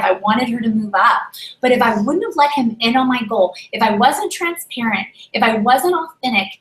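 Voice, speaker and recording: An animated woman gives a motivational talk, voice sitting a bit high as she acts out both sides of her story. She pushes and exhorts her listeners with quick shifts of energy. The sound rings in a roomy, echoey space. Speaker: direct sales leader. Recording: roomy echo.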